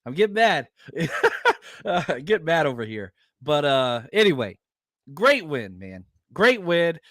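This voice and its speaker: A man's voice: fairly high pitch, sing-song, slow pace, a bit bright, no echo, clean studio sound. A man hosting a sports podcast, talking casually and ranting heatedly with plenty of profanity. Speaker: podcast host.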